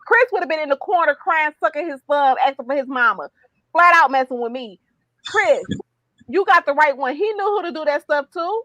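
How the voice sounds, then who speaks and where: A woman chatting casually about a reality show, animated and exclamatory as she rants. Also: high voice, moderate pace, no echo. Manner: animated, exclamatory, fired-up ranting. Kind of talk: casual reality-TV recap chat.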